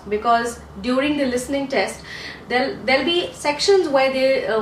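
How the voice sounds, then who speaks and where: A woman's voice: fairly high pitch, slight background noise. A woman coaching for an English test in a chatty teaching monologue, repeating points and asking rhetorical questions, English not her first language. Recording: echoey room, mic at a distance.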